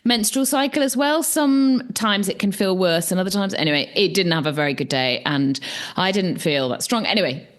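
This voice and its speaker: A woman in her forties co-hosting a podcast, telling a long story in a chatty, animated way and laughing often. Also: mid-range voice, brisk. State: slight sore throat. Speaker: podcast co-host. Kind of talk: casual chat.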